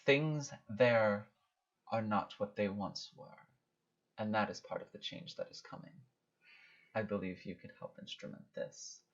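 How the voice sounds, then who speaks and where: A mysterious goddess, voiced by a man delivers slow, solemn sermons. The voice sits low and grave, and the recording is dull and lo-fi. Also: close to an everyday voice. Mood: advising. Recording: dull lo-fi audio.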